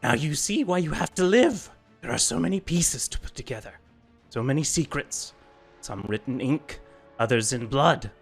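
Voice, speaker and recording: A man's voice: lively intonation, moderate pace, gravelly, slightly rough, faint music behind. A man voicing an urgent, screaming three-eyed crow in a tabletop game. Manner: shrill, urgent pronouncements.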